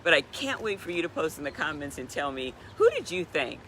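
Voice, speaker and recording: A woman in her sixties telling a story in a chatty, animated way, giving a motivational talk on a live stream. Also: deep voice, brisk, slight background noise. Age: 60s. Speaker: wellness speaker.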